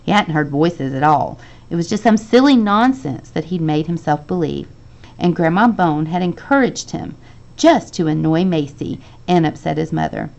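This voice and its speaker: Woman teacher, storybook read-aloud, lively and expressive, low with some fry. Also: moderate pace, highs cut off. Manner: expressive reading with lively voiced dialogue. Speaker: teacher reading to her class. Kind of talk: reading a children's novel aloud.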